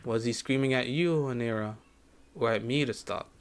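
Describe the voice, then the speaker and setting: A man streaming a game, reading its story text aloud in a measured, grave way that sometimes drops to a hush. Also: mid-range voice. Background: faint game music.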